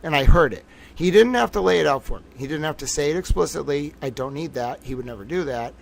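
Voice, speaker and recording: A man's voice: fairly high pitch, animated, quick pace, gravelly. A man giving casual livestream commentary, talking in a rambling, profane and emphatic way.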